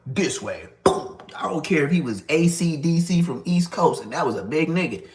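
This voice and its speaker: Man, 30s, casual storyteller, lively delivery, echoey room. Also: a little high, moderate pace. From Los Angeles area. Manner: animated, acts out other people's lines.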